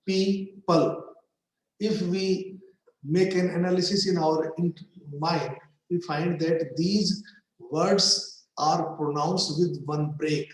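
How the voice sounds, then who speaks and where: A man giving a slow, deliberate lecture on English literature, repeating words to stress their syllables. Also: on the high side. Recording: very echoey room.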